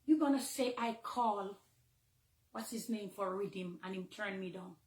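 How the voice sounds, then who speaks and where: A woman with a Jamaican accent, a minister speaking emotionally to her followers, swinging between hushed confiding and loud, heated outbursts. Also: mid-range voice, unhurried, echoey room. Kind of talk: emotional personal address to followers.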